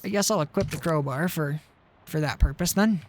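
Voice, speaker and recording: A man's voice: fairly high pitch, a little fast, slight background noise. A man streaming a video game, giving casual commentary with wry joking asides.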